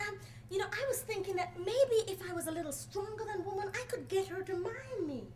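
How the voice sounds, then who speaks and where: A woman's voice: extremely high pitch, expressive, brisk, a little mellow, echoey room, pitched above the performer's own voice. Folk-tale first man, bossy and wheedling; woman storyteller doing the voice. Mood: demanding.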